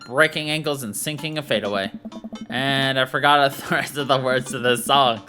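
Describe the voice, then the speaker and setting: A man's voice: mid-range voice, steady tone, moderate pace, sharp tone, soft background music. A man reading a dating-sim game aloud in first person as the dad, with playful, jokey asides. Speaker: gaming YouTuber.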